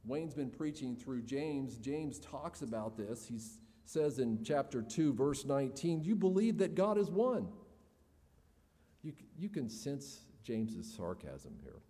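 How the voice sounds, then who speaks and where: A man's voice: mid-range voice, expressive, measured pace, few pauses, mellow, in a large hall. A man preaching a sermon in an earnest, expository way, building emphasis as he makes his points.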